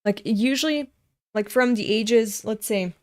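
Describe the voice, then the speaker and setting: A woman's voice: on the high side, a little slow, a little mellow, clear, resonant tone. A woman in her twenties reading a comic aloud and ranting frankly about it, swearing freely. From Europe. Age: 20s. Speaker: webcomic reader and commentator.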